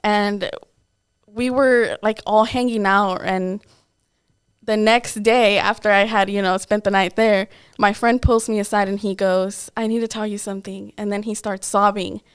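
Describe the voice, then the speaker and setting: A young woman chats candidly on a podcast and tells a personal story, acting out what people said along the way. Her voice is smooth and clear, and it sits at a middle pitch. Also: steady tone, unhurried. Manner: candid, lots of "like" and quoted asides. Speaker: podcast co-host. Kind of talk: casual storytelling chat.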